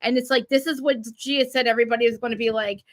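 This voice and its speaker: A woman ranting in casual chat, animated and profane, with many restarts. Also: fairly high pitch, dry recording. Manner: rapid, profane, animated rant with frequent restarts. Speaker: guest commentator. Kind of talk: casual chat recapping a reality show.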